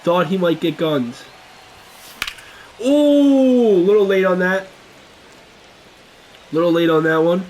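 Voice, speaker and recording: A young man giving casual commentary over a baseball video game, getting loud and excited at big plays. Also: sits high, moderate pace, long pauses, slight background noise. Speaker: gaming YouTuber.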